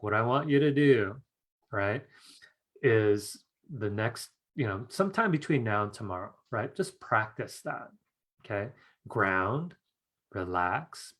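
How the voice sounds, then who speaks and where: Male host, mid-pitched, casual talker on a live class stream, keeps checking in with his viewers. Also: a bit bright. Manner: chatty, keeps asking "right?" and "you guys", laughs often. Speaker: psychic development teacher hosting a live online class. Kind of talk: casual live-stream teaching with a told anecdote.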